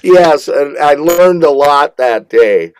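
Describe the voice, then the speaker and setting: A man from Minneapolis, a guest musician on a casual interview, telling an animated, rambling story with cursing and laughter. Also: fairly high pitch, slow pace, smooth.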